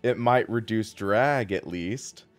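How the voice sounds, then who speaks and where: A man's voice: on the low side, takes it slowly. A man hosts a live sim racing stream and chats casually while he plays. He rambles and thanks viewers along the way. Faint music plays behind him.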